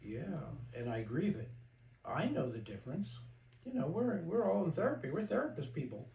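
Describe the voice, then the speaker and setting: A man's voice: a little high, sing-song, a little fast, vocal fry, dark tone, far from the mic, a little hiss or hum. An older man, a therapist leading a group discussion, speaking frankly and telling stories, sometimes mimicking the voices of people he quotes. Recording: echoey room, voice from off-mic.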